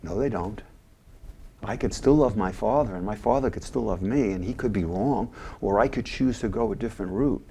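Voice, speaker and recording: A man's voice: on the low side, moderate pace, husky. An older man, a former mental health agency head, telling stories animatedly as an interview guest. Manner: animated, retells scenes with voices. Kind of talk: interview storytelling.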